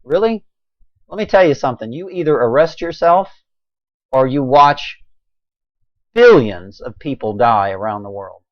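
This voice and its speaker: A man delivering a preachy, impassioned monologue, swinging between a raised voice and quiet intensity. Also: medium pitch, lively intonation, normal speed, dry recording, highs cut off. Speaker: video blogger.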